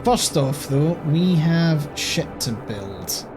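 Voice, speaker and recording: A man's voice: a little high, animated, slow, music in the background. A man with a Scottish accent giving casual let's-play commentary, thinking aloud and swearing offhandedly as he plays. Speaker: gaming channel host.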